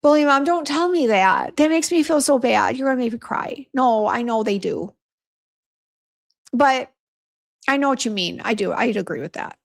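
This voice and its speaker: A woman's voice: fairly high pitch, expressive, normal speed, gravelly. A woman in her fifties hosting a casual live stream, chatting frankly and reading out viewer comments with a self-deprecating, exclamatory manner. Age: 50s. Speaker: beauty brand owner hosting a live stream.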